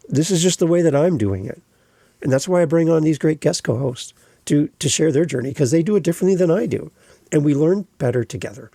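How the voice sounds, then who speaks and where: Gravelly-voiced man hosting a podcast. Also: mid-range voice, warm tone, no room sound. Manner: emphatic, repeats phrases for stress. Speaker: podcast host. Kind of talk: solo podcast monologue.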